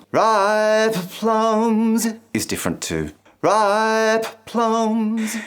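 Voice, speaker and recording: A man hosting a singing lesson, speaking clearly and playfully and singing short phrases to show the point. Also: deep voice. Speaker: vocal coach and channel host.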